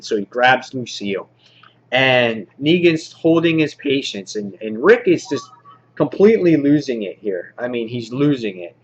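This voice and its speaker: A man casually reviewing a comic book, rambling excitedly and acting out the characters' lines. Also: medium pitch, normal speed, muffled recording.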